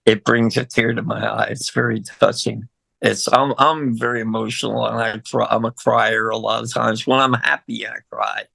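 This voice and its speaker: Older guy, super gravelly fry, rambly and emotional, dry close sound. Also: mid-range voice, flat delivery, moderate pace, bright, forceful tone, no room sound. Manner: rambling, emotional, laughs often, frequent fillers. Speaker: guest musician. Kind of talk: casual interview.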